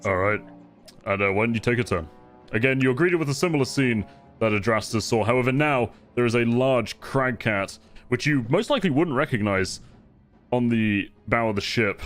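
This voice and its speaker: A man at an average pitch narrates as game master, painting each scene in relaxed, vivid detail. Faint music sits underneath his voice. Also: fairly quick.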